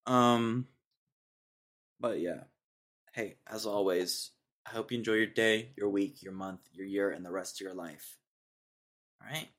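A man's voice: on the low side, steady tone, unhurried, long pauses, fairly bright tone. Young dude from texas ranting solo on his podcast, laid back, says dude a lot. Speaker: podcast host. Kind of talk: solo casual rant.

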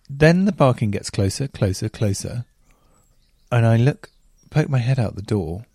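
Male podcast host, lowish mellow voice, chatty storyteller given to self-mocking rhetorical questions. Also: no echo, clean studio sound.

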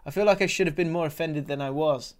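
Guy cohosting a footy podcast, reads out listener messages, laughs loads, bit higher voice. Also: fast. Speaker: podcast co-host. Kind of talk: casual chat.

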